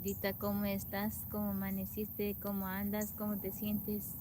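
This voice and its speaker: Out in a forest, a woman hosts a casual livestream, chatting with viewers, greeting them by name and reading their comments aloud. Her medium-pitched voice stays completely flat at a moderate pace, and the background is noisy.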